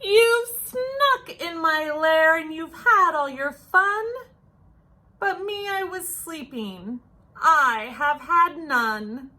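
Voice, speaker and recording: A woman's voice: very high voice, animated, slow pace, few pauses, pushed and bright, pitched above the performer's own voice, full character voice. A woman doing a big whining grumpy bear. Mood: sulky. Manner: whining, complaining. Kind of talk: storybook read-aloud.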